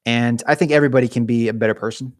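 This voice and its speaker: A man's voice: mid-range voice, fairly even intonation, very fast, no room sound, studio quality. A young man hosting a casual live stream, chatting animatedly with viewers and often restarting his sentences. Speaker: YouTube gaming channel host.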